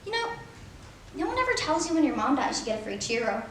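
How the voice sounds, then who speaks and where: A woman's voice: high voice, very animated, fast talker. A woman voicing a bitter, washed-up middle-aged male horse, delivering a sardonic, darkly funny stage eulogy in a roomy, echoing space. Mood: wry. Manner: sardonic, dark-humoured, self-deprecating. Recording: roomy echo.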